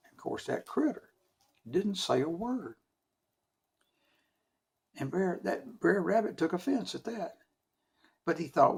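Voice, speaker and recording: Male storyteller, lively and dramatic, gravelly voice sitting a bit high. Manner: lively, dramatic, with shouted sound effects and slow hushed stretches. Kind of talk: folk tale storytelling for children.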